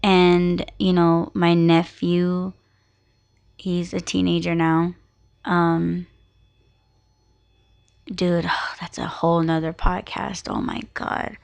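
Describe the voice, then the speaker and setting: A young woman talks through a personal family story on her podcast, candid and emotional, with curses mixed in. Her voice sits low, with gravelly fry, and she takes her time. It sounds like an unscripted, heartfelt monologue. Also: monotone, takes it slowly, long pauses, darkish tone. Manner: candid and emotional, swears freely. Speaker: podcast host.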